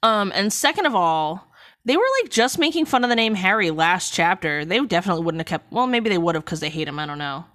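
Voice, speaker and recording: A woman chatting casually on a live stream, rambling and cutting herself off mid-thought. Her voice swings widely in pitch, and coughs break up her talk now and then. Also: fast. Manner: rambling, animated, frequent self-interruptions. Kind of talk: casual live-stream book critique chat.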